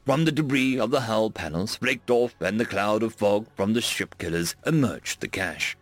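A man's voice: fairly low pitch, expressive, moderate pace, no echo. A man narrating a sci-fi story in a casual, offhand way. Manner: casual, fillers between voices.

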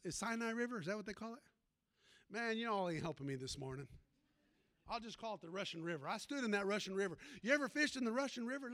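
A man's voice: very high voice, bright, forceful tone. A man who is a pastor, preaching a sermon in a folksy storytelling way and calling out to the congregation.

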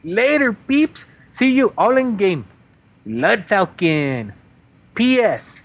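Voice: mid-range voice, sing-song, slow. A podcast host reading a listener email aloud in a wry manner.

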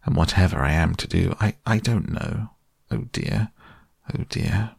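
Man voicing a wailing toad in washerwoman disguise, storybook reading, creaky, dry sound. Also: a little slow, a little mellow, dry recording, exaggerated voice. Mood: tearful pleading. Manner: wailing, self-pitying, higher put-on voice.

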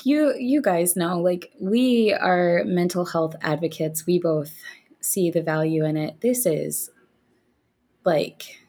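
Speaking slowly in a mellow, fairly low voice with a breathy edge, a female podcast co-host keeps the chat casual and loose, laughing often and using plenty of fillers.

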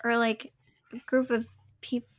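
A woman co-hosting a casual film chat show, trailing off and restarting as she searches for the right word. Her voice sits a little high, and the sound is dry and close. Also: little pitch movement, slow pace, dry recording. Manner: hesitant, searching for words. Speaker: podcast co-host.

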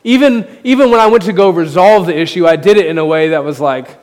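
Guy pastor preaching at the podium mic, candid, jokes about himself, kinda higher voice, long echo off the church walls. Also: fast talker, few pauses, darkish tone. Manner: candid, self-deprecating preaching with rising emphasis. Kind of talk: sermon. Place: church sanctuary. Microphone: podium microphone. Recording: long hall reverb.

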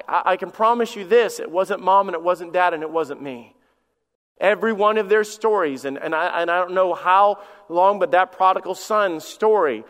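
A pastor in his forties delivers a sermon in a high, ringing voice. He often stammers over the first words of a sentence before pushing on into a personal story. The sound carries the long reverb of a church hall. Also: fairly bright tone. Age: 40s. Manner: repeats words when starting sentences, storytelling. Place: church sanctuary.

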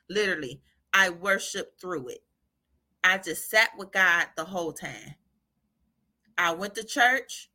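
A woman giving an informal devotional talk, animated, often laughing and asking "right?" as she encourages listeners. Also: medium pitch. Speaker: faith encourager.

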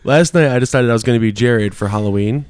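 Brief: young male podcast co-host, animated storyteller, close dry mic, mid pitch. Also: fast, no echo. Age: young adult. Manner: animated storyteller, swears often, reads out texts. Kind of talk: casual chat.

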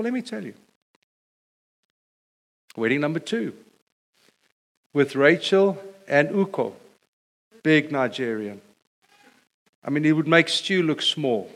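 A middle-aged male pastor preaches a sermon as an animated storyteller, building up to a refrain, and his voice runs a touch high.

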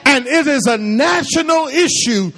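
A man's voice: extremely high pitch, expressive, measured pace, fairly bright tone, in a large hall. A man preaching a sermon to a congregation, firing questions at them and drawing call-and-response replies. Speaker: pastor.

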